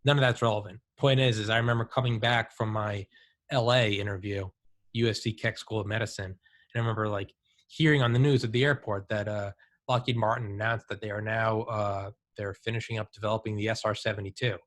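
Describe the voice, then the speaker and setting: A man's voice: fairly low pitch, fairly quick. A man in his thirties hosting a casual talk, telling stories with lots of "like" and "dude". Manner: animated storyteller, says "dude" and "like". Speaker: podcast host. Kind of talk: casual conversation.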